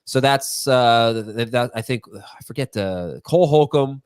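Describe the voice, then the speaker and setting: A man's voice: mid-range voice, moderate pace, smooth, dry recording. A man hosting a live sports Q&A show in a loose, chatty way, reading viewer questions. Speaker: host. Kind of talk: casual live Q&A chat.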